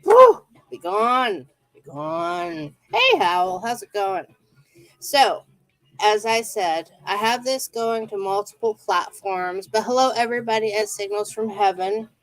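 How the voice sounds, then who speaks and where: A woman from Ohio hosting a casual livestream from home, chatty and energetic as she talks to her viewers. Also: mid-range voice, a little slow, no room sound. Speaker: livestream reader.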